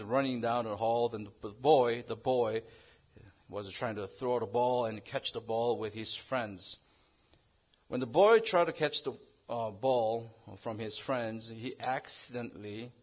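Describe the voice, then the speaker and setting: A male preacher delivers a sermon built around an illustrative story, speaking haltingly and restarting phrases. He rises in pitch and volume on key words, and the lo-fi recording sounds dull.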